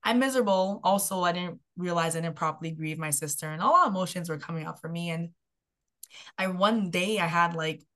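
Animated young woman telling her story. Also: lowish voice, a little fast. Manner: animated storyteller, filler-heavy with frequent "like". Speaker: guest, health and mindset coach. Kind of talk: personal story in a podcast interview.

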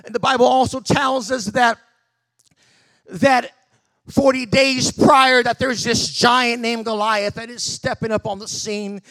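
A male pastor preaches with emphatic, shouted bursts and frequent repeated words. His voice sits very high, bright and gravelly, and the recording is close and dry. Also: steady tone, a little slow, dry recording. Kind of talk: sermon.

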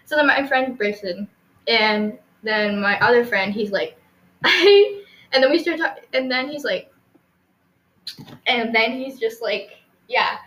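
Giggly teen girl with a bright voice. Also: on the high side, slow, pauses often, roomy sound, low-quality recording. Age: teens. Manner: giggly, rambling, lots of fillers. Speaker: podcast host. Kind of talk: casual storytelling chat.

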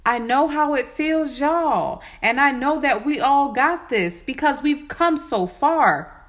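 A woman's voice: high voice, animated, slow pace. A woman in her late twenties giving a motivational self-healing talk in repeated, affirming phrases. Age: 20s. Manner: repetitive, affirming, incantatory. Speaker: spiritual vlogger.

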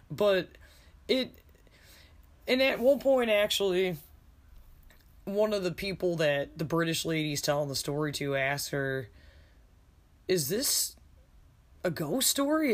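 A man's voice: on the high side, a bit bright. Male podcast host, loose and profane, chatty self-deprecating review delivery. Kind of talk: casual spoken review.

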